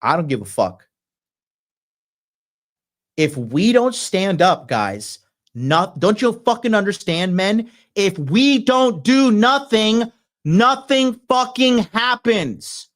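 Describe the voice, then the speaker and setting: A man's voice: high voice, animated, slow, a bit bright. A man hosting a show, ranting aggressively with constant profanity. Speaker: podcast host. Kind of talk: ranting commentary.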